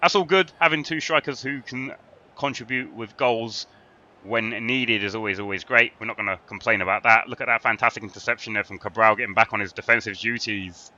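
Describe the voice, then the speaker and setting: A man commentating on his own football video game livestream, getting worked up and shouting at the players. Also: mid-range voice, fairly quick, muffled recording. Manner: excitable, shouts at the players on screen. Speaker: gaming streamer. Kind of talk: live gameplay commentary.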